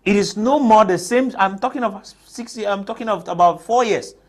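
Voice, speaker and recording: Emphatic high-voiced man. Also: normal speed. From Cameroon. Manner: emphatic, argues with rhetorical questions. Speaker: panelist. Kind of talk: TV panel discussion. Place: TV studio.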